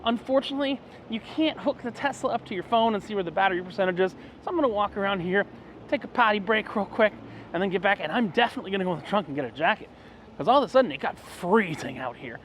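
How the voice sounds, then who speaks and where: Excitable high-voiced man vlogging on the road. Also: fast talker, a little hiss or hum. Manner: chatty, excitable, rambling with fillers. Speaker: travel vlogger. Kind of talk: casual travel vlog. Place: roadside stores and outdoors.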